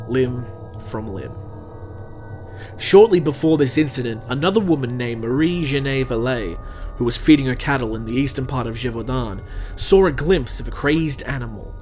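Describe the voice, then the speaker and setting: Man, podcast host, mid pitch, jokey, self-mocking, light guitar music under him. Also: lively intonation, normal speed, darkish tone. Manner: self-deprecating, jokey asides. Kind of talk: comedic podcast chat and true-crime narration.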